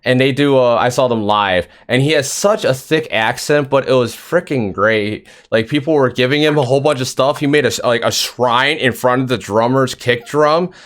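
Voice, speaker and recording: A man's voice: medium pitch, moderate pace, few pauses, fairly bright tone. A man hosting a casual livestream interview, swearing casually and reading out chat messages between questions. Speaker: stream interview host.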